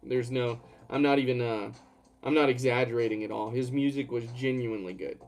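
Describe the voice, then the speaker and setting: A man's voice: medium pitch, fairly even intonation, fairly quick, darkish tone. Rambling streamer man. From Georgia, USA. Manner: rambling, reads and answers chat. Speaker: live streamer. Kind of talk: casual live-stream chat. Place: at home.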